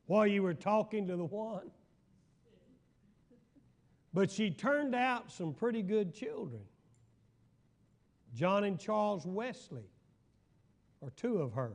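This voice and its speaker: Older pastor, high voice, slow folksy bible study talk, stops to ask if folks are following. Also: male voice, very animated. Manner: folksy storytelling, asks the room if they follow. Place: church hall.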